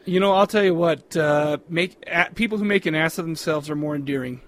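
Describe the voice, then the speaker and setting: High-pitched joking male podcast host. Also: brisk, fairly bright tone. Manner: joking, chatty, says "dude". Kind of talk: casual chat.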